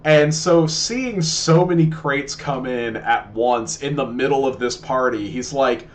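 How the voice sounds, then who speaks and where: A man with a medium-pitched voice narrates as game master of a tabletop game. His delivery is halting, with many restarts.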